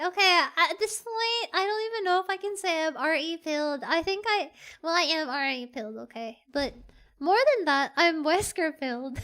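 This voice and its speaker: A streamer in casual live-stream chat at a desk microphone, giggly and excitable, breaking into squeals. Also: extremely high pitch.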